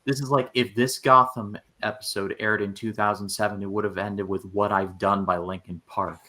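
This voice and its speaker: A man's voice: on the low side, level tone, moderate pace, pushed and bright. A man co-hosting a TV recap podcast, tossing in wry joking asides in casual chat. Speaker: podcast co-host.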